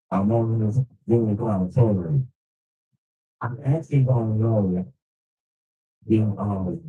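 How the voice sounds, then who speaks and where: A man's voice: on the low side, dark tone, low-quality recording. A man telling a rambling story in casual talk, in loose, slangy street speech with frequent swearing.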